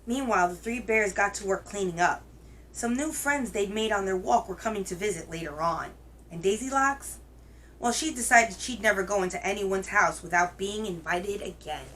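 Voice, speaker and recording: A woman hosting a children's reading show, telling a picture book aloud in a gentle, expressive way. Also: medium pitch, moderate pace, slight background noise, low-quality recording. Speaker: children's story reader, host.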